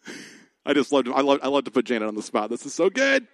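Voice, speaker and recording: A male pastor preaching a sermon, telling the story with lively acted-out dialogue and talking with the congregation. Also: medium pitch, fast, no room sound. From Michigan. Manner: animated storytelling, acts out quoted voices.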